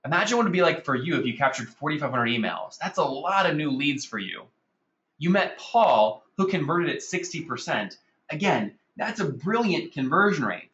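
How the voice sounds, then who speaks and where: An energetic man leads an online marketing webinar, pitching results to his audience. His voice is bright and forceful. The audio is dull and lo-fi, with an echoey room around him. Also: normal speed. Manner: energetic, salesy, addresses audience as guys. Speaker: webinar host.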